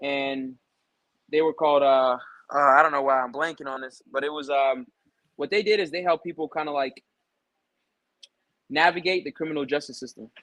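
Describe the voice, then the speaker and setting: Dry-sounding young barber telling stories. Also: male voice, fairly high pitch, normal speed, long pauses, no echo, rough recording. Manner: relaxed storytelling with many fillers and retold dialogue. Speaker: barber, interview guest. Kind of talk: casual interview conversation.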